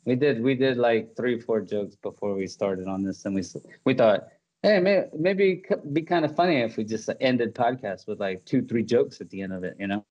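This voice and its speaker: A man's voice: mid-range voice, moderate pace, a little mellow, lo-fi sound. A man hosting a podcast in casual chat, rambling, laughing often and full of fillers and restarts. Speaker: podcast host.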